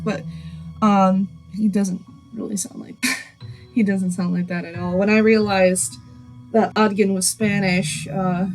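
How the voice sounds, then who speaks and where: A woman's voice: medium pitch, low-quality recording. A woman hosting a gameplay video, chatting casually and apologizing with a laugh at herself. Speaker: gaming video host.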